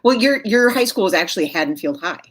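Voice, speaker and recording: A woman's voice: mid-range voice, expressive, quick pace. A woman in her forties hosting an author interview over a video call, chatty and enthusiastic, with many fillers and frequent laughs. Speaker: host of an author interview show. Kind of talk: casual video chat interview.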